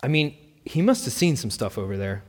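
A man's voice: mid-range voice, sing-song, fairly quick. A man voicing a careful, offhand male attorney who chooses his words with hesitation in a storybook reading, with long hall reverb. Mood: measured.

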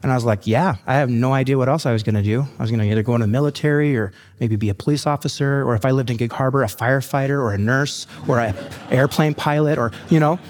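A man's voice: medium pitch, fast. Pastor guy sharing his story from the pulpit, jokey and self-deprecating, chatty asides. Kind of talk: sermon testimony.

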